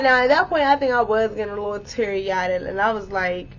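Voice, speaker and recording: A young woman vlogger telling a story to her viewers in a blunt, animated way, swearing freely and speaking to them directly. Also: mid-range voice, normal speed, lo-fi sound. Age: young adult.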